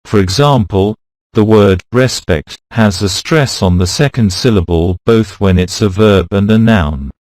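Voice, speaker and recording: A man with a lowish voice reads a pronunciation lesson in a slow, measured way, saying each example word on its own. The sound is close and dry, with no room around it. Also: darkish tone, dry recording. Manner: slow, deliberate, reads words out one by one. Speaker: pronunciation teacher. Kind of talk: scripted instructional narration.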